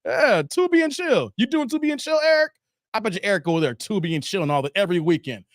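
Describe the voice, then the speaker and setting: A man hosting a casual livestream, animated and slangy, laughing often and reading chat messages aloud. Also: high-pitched, fast talker, no room sound, studio quality. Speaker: livestream host.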